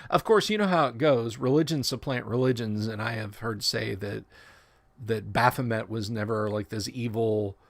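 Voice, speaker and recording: A man's voice: fairly low pitch, moderate pace, vocal fry, no room sound. A man hosting a casual livestream, reading tabletop rule text aloud and breaking off for joking asides and self-corrections. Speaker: livestream host.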